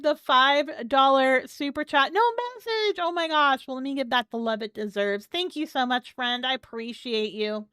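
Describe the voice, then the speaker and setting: A woman's voice: sits high, bright, forceful tone, no echo, clean studio sound. A woman hosting a live stream, chatting casually and thanking viewers as she comments. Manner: chatty, keeps thanking chat supporters.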